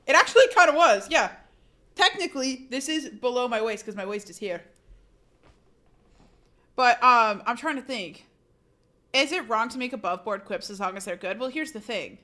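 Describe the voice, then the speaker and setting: Woman streamer, casual chat, bright tense tone, pitched a bit high, quick laughs, loose swearing. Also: expressive. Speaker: live streamer.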